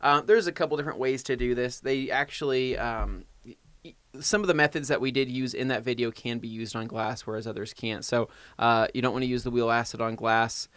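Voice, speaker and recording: A man co-hosting a podcast, answering a viewer's question casually with many pauses and ums. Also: medium pitch, fairly even intonation, fairly bright tone, clean tone, dry recording. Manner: reads out comments, then answers with many ums. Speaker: podcast co-host. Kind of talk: casual chat. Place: podcast studio.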